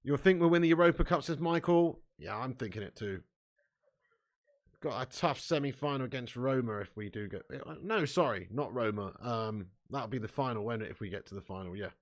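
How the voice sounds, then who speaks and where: A man's voice: medium pitch, expressive, fairly quick. A man hosting a live football watch-along. He reads chat comments aloud and talks in a casual, sweary way. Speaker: fan channel host.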